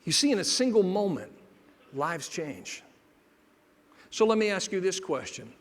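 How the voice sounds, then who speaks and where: Middle-aged male keynote storyteller, a touch high-pitched, humorous with quiet heartfelt turns; long hall reverb. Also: sing-song, unhurried. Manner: humorous, builds to hushed emotional moments. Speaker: motivational speaker.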